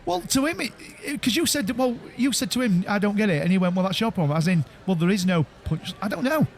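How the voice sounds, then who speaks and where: A man co-hosting a podcast in casual chat, telling jokes with halting restarts. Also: sits high, animated, a little hiss or hum. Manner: halting, stammering restarts, chuckling joke teller. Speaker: podcast co-host.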